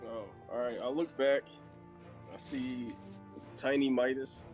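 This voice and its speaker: A man's voice: mid-range voice, fairly even intonation, takes it slowly, music in the background. Hesitant player man on a dull mic. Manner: hesitant, stops and restarts with many fillers. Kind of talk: playing a tabletop game.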